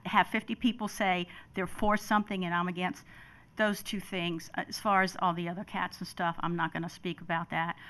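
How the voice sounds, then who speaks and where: A woman's voice: on the low side, bright, forceful tone. An older woman testifying at a public hearing, emphatic and emotional, often repeating herself.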